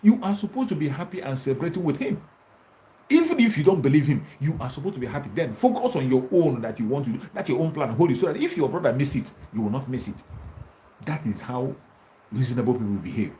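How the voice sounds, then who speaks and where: A man's voice: mid-range voice, big pitch swings, fast, warm tone, a little hiss or hum, rough recording. A man giving an impassioned political monologue, taunting and repeating himself as he challenges his opponents. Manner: combative, taunting, repetitive. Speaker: activist commentator.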